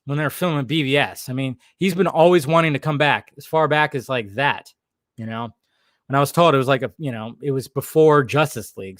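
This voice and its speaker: A man's voice: on the high side, a bit bright, dry recording, studio quality. A young man hosting a casual livestream, reading chat and rambling, jokey and full of swearing.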